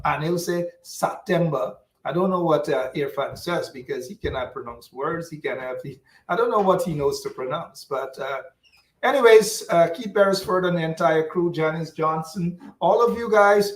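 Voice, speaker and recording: Animated Guyanese man ranting on air. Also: fairly high pitch, reverberant, far from the mic, rough recording. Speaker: talk show host. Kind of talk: casual political talk show.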